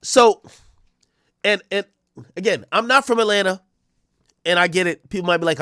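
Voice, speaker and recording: A man's voice: sits high, moderate pace, pauses often, sharp tone, smooth, no room sound, studio quality. A man giving blunt, ranting reaction commentary on a livestream, swearing and talking straight at the person he is discussing. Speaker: streamer and commentator.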